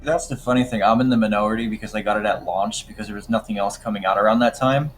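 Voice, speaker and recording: A man co-hosting a podcast in relaxed casual chat. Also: fairly low pitch, fast talker, soft background music. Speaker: podcast co-host.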